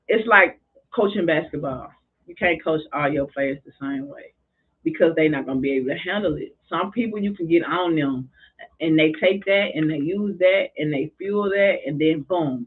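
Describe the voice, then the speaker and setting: Husky, passionate woman on a tinny line. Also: sits low, moderate pace. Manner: passionate, expressive. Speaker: middle school drumming therapist and basketball coach. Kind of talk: casual podcast conversation. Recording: tinny phone-like sound.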